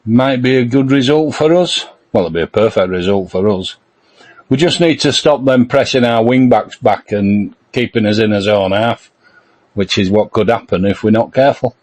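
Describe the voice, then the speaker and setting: A man co-hosting a podcast, talking in a measured, thoughtful way. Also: lowish voice, darkish tone. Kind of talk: casual chat.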